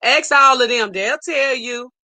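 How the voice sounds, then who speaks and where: A woman's voice: a little high, a little slow, pushed and bright. A middle-aged woman hosts a live stream, reading viewer comments aloud and preaching emphatically, repeating her points for emphasis. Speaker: livestream host.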